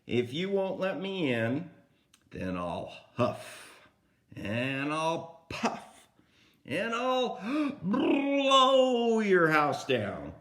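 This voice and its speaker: A man's voice: fairly high pitch, wildly swooping pitch, extremely slow, fairly bright tone, heavily acted. A grandfatherly man voicing a hungry big bad wolf who demands to be let in and threatens to blow the house down. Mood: threatening.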